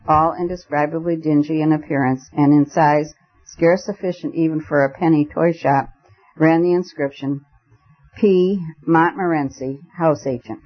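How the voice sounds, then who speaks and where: Guy reading an old novel aloud, kinda higher voice, muffled recording. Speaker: audiobook narrator. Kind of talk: scripted narration.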